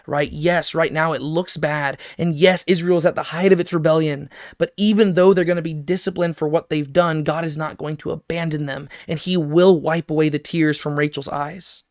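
A man's voice: on the high side, fairly even intonation, normal speed, few pauses, dry recording, clean studio sound. A man teaching a Bible lesson, reading verses aloud and explaining them, checking in with "right?" as he goes. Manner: explanatory, reads scripture aloud, frequent "right?" check-ins. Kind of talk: scripture lesson.

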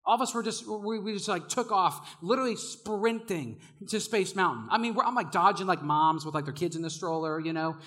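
High, bright-voiced young male preacher. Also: fairly quick, few pauses. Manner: energetic storytelling, laughs often, shouts when excited. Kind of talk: sermon.

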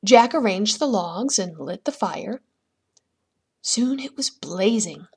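A woman's voice: medium pitch, lively intonation, slow pace, breathy edge. A woman hosting a podcast, telling a folktale dramatically and dipping into whispers for suspense. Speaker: podcast host and storyteller. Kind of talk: storytelling a folktale.

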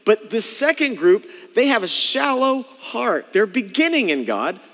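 Brief: male pastor, high voice, casual preaching that mimics the congregation, long reverb of a church hall. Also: sing-song, a little slow, fairly bright tone. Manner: conversational preaching, mimics churchgoers' inner thoughts. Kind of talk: sermon.

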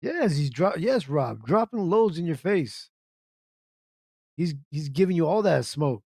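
A man's voice: a little high, big pitch swings, unhurried, dark tone, slightly rough, no echo, clean studio sound. A man hosting an internet radio show, ranting in a casual live commentary, repeating himself and firing off rhetorical questions while reacting to chat. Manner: ranty, repetitive, asks rhetorical questions.

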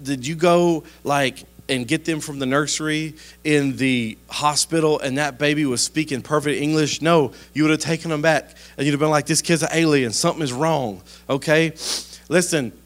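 A man, a pastor preaching a sermon in a conversational, folksy storytelling style with sudden animated outbursts. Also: medium pitch.

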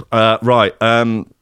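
A man's voice: fairly low pitch, a bit bright, clear, resonant tone. A man hosting a streamed comedy show, ranting sarcastically and swearing in exasperation. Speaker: host.

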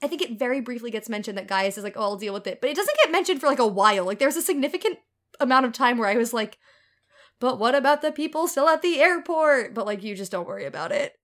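A woman's voice: on the high side, lively intonation, very fast, a bit bright. A woman in casual chat, talking loosely with many "like"s and quoting her own reactions. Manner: chatty, lots of "like" and quoted reactions.

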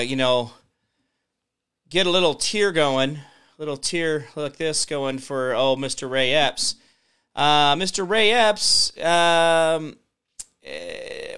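A man's voice: mid-range voice, bright, forceful tone, clear, resonant tone. A man hosting his own daily show, talking casually and sarcastically, rambling with many fillers. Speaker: host of a daily talk show. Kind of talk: casual commentary monologue.

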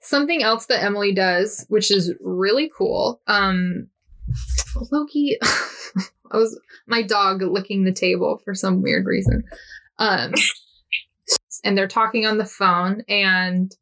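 A young woman co-hosting a podcast, chatting about a show in a lively, giggly way. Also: medium pitch, slow, pauses often. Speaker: podcast co-host. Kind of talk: casual chat about a TV series.

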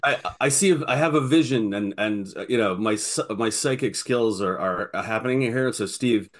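A man co-hosting a casual podcast chat, telling an animated story with stumbling restarts. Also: medium pitch, normal speed. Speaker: podcast co-host.

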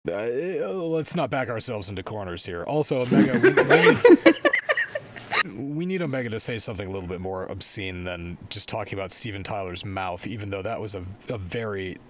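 Crude, swearing man with a low voice. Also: animated, brisk, hardly any pauses, very noisy. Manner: crude, profane banter. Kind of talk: casual group chat.

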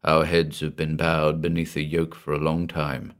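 A man's voice: extremely low pitch, monotone, normal speed, clear, resonant tone. A man reading the part of a grieving young man who speaks bitterly and defiantly.

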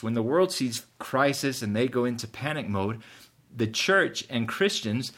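A man's voice: medium pitch, fairly bright tone. A man preaching a sermon earnestly, rising in emphasis at key points. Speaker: pastor.

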